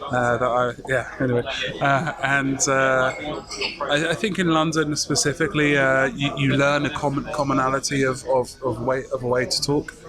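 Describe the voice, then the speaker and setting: A man's voice: mid-range voice, flat delivery, normal speed. A man from America with an American accent, chatting casually with many fillers and restarts. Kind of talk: casual chat. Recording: loud crowd chatter behind.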